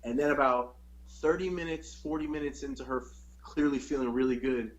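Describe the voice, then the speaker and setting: A man's voice: mid-range voice, fairly even intonation, brisk, muffled recording. A young man hosting a podcast, telling a long story in a rambling, profane, casual way. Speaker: podcast host.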